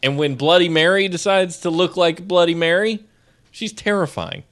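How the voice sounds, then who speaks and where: A man's voice: high voice, moderate pace, a bit bright. A man co-hosting a casual streamed show, chatting and reading odd news stories aloud, often laughing as he goes. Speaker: co-host.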